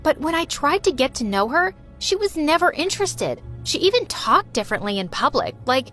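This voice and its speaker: A woman narrating an animated story in the first person, lively and emotional as a teenage girl. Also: high voice, normal speed, faint music behind.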